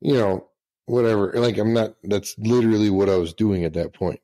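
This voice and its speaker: Low-voiced man telling profane stories. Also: brisk, mellow. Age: middle-aged. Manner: profane, laughing anecdotes. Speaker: podcast guest, retired senior master sergeant. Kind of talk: casual storytelling.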